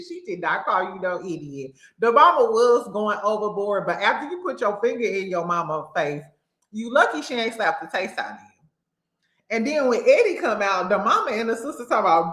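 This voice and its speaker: A woman hosting a casual recap show, animated and laughing often as she acts out what people said. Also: medium pitch, brisk, roomy sound. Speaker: host.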